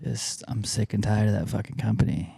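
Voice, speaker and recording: A man's voice: lowish voice, brisk, vocal fry, mellow, slightly rough, dry recording. A man hosting a podcast in casual chat, grumbling and swearing freely. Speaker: podcast host.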